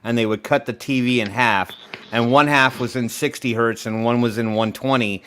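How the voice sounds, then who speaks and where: A man's voice: mid-range voice, fairly even intonation, normal speed, fairly bright tone, clean tone. A man co-hosting a casual podcast chat on a video call, rambling and wry, often trailing off mid-thought. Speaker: podcast co-host.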